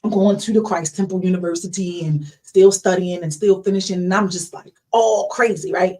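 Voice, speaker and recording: A woman's voice: mid-range voice, a little fast. A woman hosting a podcast, telling a personal faith story in a casual, emotional way and speaking straight to her listeners. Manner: emotional, animated storytelling addressing listeners directly. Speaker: podcast host. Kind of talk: casual faith testimony talk.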